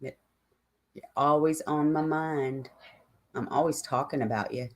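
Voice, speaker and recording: Older lady chatting away on a live stream, slow and rambly, talks straight to her viewers. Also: low-pitched, fairly even intonation.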